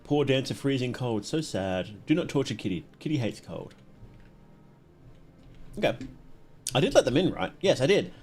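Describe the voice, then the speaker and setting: A young male streamer commentates his game live with an animated, bouncy voice that rises and falls a lot. He chats loosely, laughs often and reads the characters' lines aloud as he plays. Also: mid-range voice, moderate pace, pauses often.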